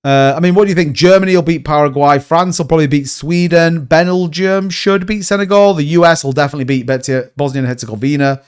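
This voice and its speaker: A man's voice: a little high, quick pace, few pauses, clear, resonant tone. A man with a Yorkshire accent, chatting bluntly on a livestream and answering viewers, often repeating himself and calling people mate. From Yorkshire, England. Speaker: crypto livestream host. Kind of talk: casual livestream chat reading viewer comments.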